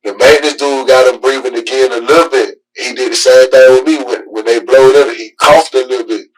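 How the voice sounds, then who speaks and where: A father answering police questions in a halting, rambling way, full of filler words. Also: mid-range voice, steady tone, husky, far from the mic, low-quality recording. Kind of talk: police interview.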